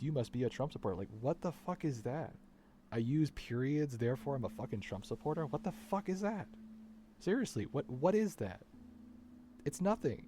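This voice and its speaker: A man's voice: mid-range voice, mellow, slight background noise. A man in an unscripted personal rant, frustrated and swearing, often circling back to repeat his points. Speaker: vlogger.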